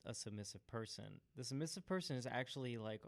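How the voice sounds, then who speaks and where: A man's voice: medium pitch, lively intonation, fast talker. A man with a mid-range voice co-hosts a podcast in casual conversation. He adds joking asides and wry follow-up questions. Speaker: podcast co-host. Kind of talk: casual chat.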